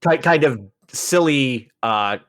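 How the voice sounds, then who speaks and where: Stammering, medium-pitched man hosting a chat. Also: expressive, slow pace, a bit bright, no room sound, clean studio sound. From Canada. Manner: stammering restarts, thoughtful. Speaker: podcast host. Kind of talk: casual interview chat.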